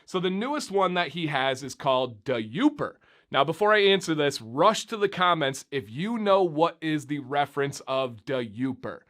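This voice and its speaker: Chatty guy from michigan reviewing beard oils on camera, bit higher voice, animated. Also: moderate pace. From Michigan, USA. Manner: animated, chatty, talks straight to viewers. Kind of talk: casual product review vlog.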